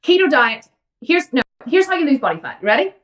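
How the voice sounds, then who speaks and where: A woman's voice: high-pitched, sing-song, a little fast, distant mic. Blunt Irish woman ranting. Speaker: fitness coach and host. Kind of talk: answering viewer questions.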